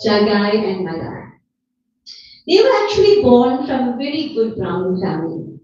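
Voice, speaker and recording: A woman's voice: mid-range voice, mellow, a little hiss or hum. A woman giving a devotional talk, retelling stories in an earnest, pleading way and repeating phrases for emphasis. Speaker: speaker at a devotional gathering. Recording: distant, dull, echoey hall recording.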